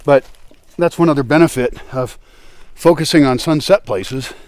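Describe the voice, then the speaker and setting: A man's voice: medium pitch, moderate pace, a little mellow. Man calling and coaxing his dogs. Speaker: vlogger. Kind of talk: casual vlog, talking to his dogs.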